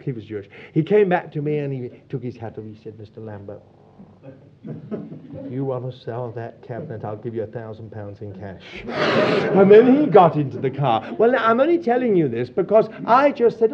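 An older man who leads a Christian fellowship, telling lively anecdotes to his congregation and acting out the voices of the people in them. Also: high voice. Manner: animated storytelling, acts out quoted voices. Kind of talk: anecdotal testimony talk. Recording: dull lo-fi recording.

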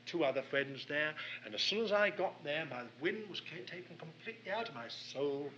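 A man's voice: a little high, lively intonation, brisk, bright, forceful tone, dull audio, a little hiss or hum. A man preaching a sermon, telling a personal story in an earnest, anecdotal way.

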